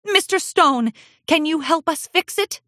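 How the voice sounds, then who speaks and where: A woman voicing a kind, curious adult pony princess in a storybook reading, speaking politely and gently. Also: very high-pitched, lively intonation, a little slow, dry recording, studio quality, voice pushed up, exaggerated voice.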